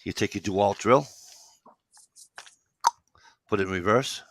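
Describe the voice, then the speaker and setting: A man with a low voice and a gravelly fry chats casually on a podcast. He rambles, retells both sides of a conversation and swears casually. The sound is dry and close. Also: a little slow, a bit bright, no room sound. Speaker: podcast co-host. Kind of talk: casual chat, storytelling.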